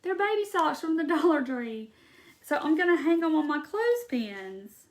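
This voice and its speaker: A woman's voice: high-pitched, big pitch swings, moderate pace. A woman with a Mississippi accent, chatting casually as she hosts a live crafting video and gushes over her decor. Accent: Southern US, Mississippi. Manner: chatty, gushing, Southern drawl. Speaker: crafting host.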